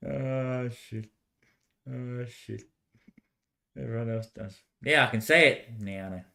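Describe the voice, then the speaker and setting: Speaking slowly with vocal fry at a medium pitch, this young man rambles casually. He swears, laughs frequently, and loops the same short phrases over and over before fading into soft mutters.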